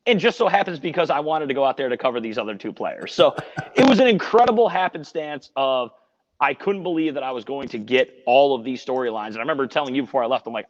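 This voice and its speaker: A man's voice: mid-range voice, animated, quick pace. A man working as a sports radio reporter, telling a story in a casual podcast chat, earnest and rambling with frequent restarts. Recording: dull lo-fi audio with long reverb.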